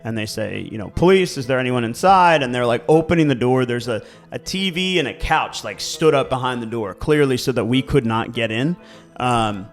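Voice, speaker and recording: A man with a Baltimore accent, co-hosting a podcast and telling casual stories with laughs and swearing. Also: mid-range voice. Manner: animated storyteller, swearing, laughing. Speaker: real estate agent and podcast co-host.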